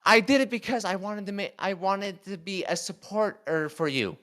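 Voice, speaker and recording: A man's voice: high-pitched, normal speed, pushed and bright. A young man, a crew member of a talk show, confronting the hosts in an emotional, heated argument, full of swearing and outbursts.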